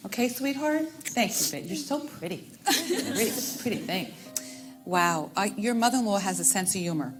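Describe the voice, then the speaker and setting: A woman's voice: mid-range voice, animated, normal speed, over music. A woman working as a stage medium, addressing audience members one by one and calling them sweetheart and honey. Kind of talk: live audience reading.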